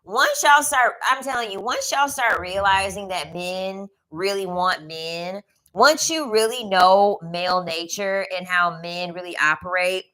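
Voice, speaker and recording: Sassy woman ranting on her channel, bright forceful voice, keeps repeating herself for punch. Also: medium pitch, measured pace, rough recording. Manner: sassy, emphatic, repeats lines for effect. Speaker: commentary vlogger. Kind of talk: casual commentary rant.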